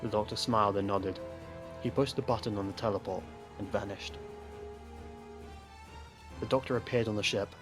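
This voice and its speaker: A man with a lowish voice reads a story aloud. His delivery is steady and even. Faint music sits behind him. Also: normal speed, long pauses. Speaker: narrator. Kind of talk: scripted narration.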